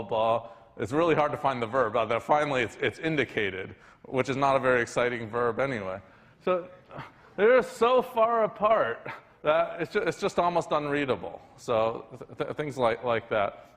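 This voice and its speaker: A man's voice: medium pitch, fairly bright tone. A man giving a university lecture in a conversational way, often restarting his sentences. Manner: conversational, frequent restarts and fillers. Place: lecture hall. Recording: lecture hall with long reverb.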